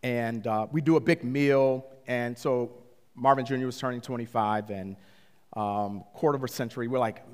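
A middle-aged man pastor telling a story in a sermon, animated and often climbing high when he retells conversations. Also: normal speed, smooth. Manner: animated, rising to excited high-pitched retellings. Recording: long hall reverb.

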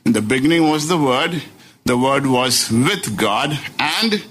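Slow, deliberate preacher man with a bright voice. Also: mid-range voice, lively intonation, husky. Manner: slow, deliberate emphasis with rising and falling stresses; repeats key phrases and adds tag questions. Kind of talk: sermon.

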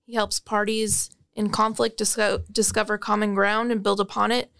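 A woman brought in as the expert, explaining a topic in a measured way. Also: mid-range voice, flat delivery, creaky, fairly bright tone, clean tone, dry recording. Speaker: expert guest. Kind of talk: explanatory talk.

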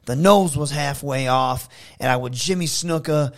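Medium pitch, moderate pace: this man is a Saginaw, Michigan professional wrestler guesting on a casual interview. He tells his stories with lively, animated enthusiasm.

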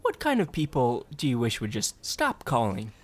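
A man with a lively, rising and falling voice interviews and narrates in a mock-serious manner. He asks earnest, leading questions that carry dry humor underneath. His pitch sits in the middle range. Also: normal speed, loud music behind the voice.

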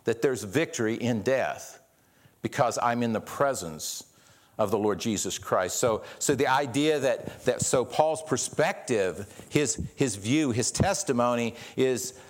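A man's voice: medium pitch, lively intonation, measured pace. A man preaching a sermon, earnest, often restarting and repeating words and asking rhetorical questions. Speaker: pastor.

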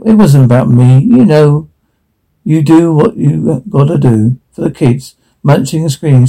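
Male caption reader, slightly high, gravelly and dark. Flat, matter-of-fact reading of zombie game sound cues and dialogue. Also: low-quality recording.

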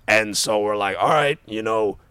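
A man's voice: lowish voice, normal speed, fairly bright tone, smooth, no echo. A young man telling a funny story to friends in casual chat, acting out the people he quotes and laughing along.

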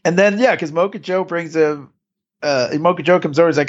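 A man co-hosting a podcast, chatting casually about an episode, laughing often and slipping into quick quotes of the characters. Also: on the high side, muffled recording. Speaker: podcast co-host. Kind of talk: casual episode recap chat.

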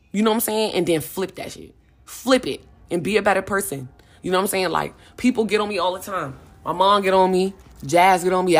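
A young woman hosting a podcast, talking in a casual, emphatic, slangy way as she motivates listeners. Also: lowish voice. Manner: emphatic, slangy, repeats "you know what I'm saying". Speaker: podcast host.

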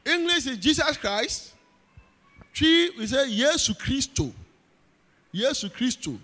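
A high-voiced man with a Ghanaian accent preaches with emphatic, repeated phrases and calls out to his congregation. His voice carries a long reverb from a big hall. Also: sing-song, slow pace, pushed and bright. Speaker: pastor. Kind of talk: sermon.

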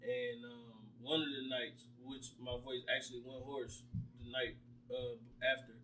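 A man co-hosting a podcast, talking in a relaxed, slangy, rambling way. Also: mid-range voice, a little slow, recorded from a distance, slight background noise. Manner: laid-back, slangy, rambling storytelling. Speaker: podcast co-host. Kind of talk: casual chat.

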